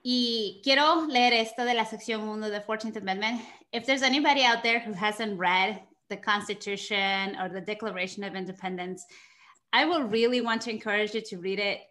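Bright-voiced bilingual woman hosting an interview. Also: medium pitch, a little fast. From immigrant to the United States. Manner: earnest, gets emotional and laughs. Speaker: interview host.

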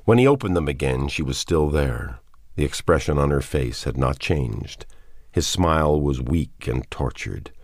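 A man narrating a novel in a slow, steady, somber reading. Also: rumbling low, dry recording, studio quality. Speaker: audiobook narrator. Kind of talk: scripted narration.

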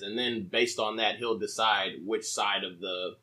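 A man with a lower voice explains his game character to the hosts. He rambles and restarts his sentences as he goes, in relaxed podcast chat. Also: unhurried, low-quality recording. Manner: rambling, self-correcting explanations. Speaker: podcast guest, player in a tabletop game.

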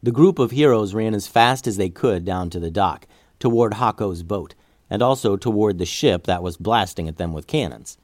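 A man's voice: fairly low pitch, moderate pace, darkish tone, no room sound, clean studio sound. A man narrating an adventure story aloud, building tension through the action scenes.

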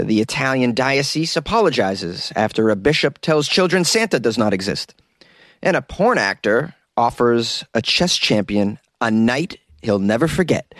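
A man's voice: medium pitch, no echo, studio quality. A man hosting a daily comedy podcast, riffing irreverently on strange news and laughing at his own jokes.

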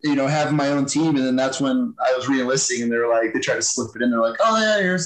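A former Marine appears as a podcast guest in a casual storytelling interview, recounting war stories in a blunt, profane way and acting out the banter he quotes. His voice is medium-pitched with a level tone and a quick pace. The recording is low quality, in an echoey room.

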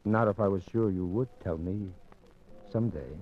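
A man's voice: low voice, normal speed, lightly acted. A man playing a wealthy, courteous man under suspicion in 1940s radio acting, easygoing with hesitant restarts. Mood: tender. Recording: dull lo-fi old radio recording, faint music.

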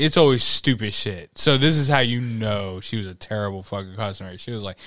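A man's voice: mid-range voice, lively intonation, moderate pace, few pauses, bright, forceful tone, dry recording. A man in casual podcast chat, telling a work story with lots of swearing, laughter and acted-out quotes. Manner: profane, laughing storyteller who acts out quotes. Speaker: podcast guest.

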